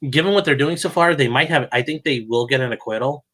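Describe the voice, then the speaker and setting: A man with a medium-pitched, sharp voice talks fast as a legal commentator guesting on a podcast. The chat is casual, and he's blunt and opinionated, often repeating words as he starts.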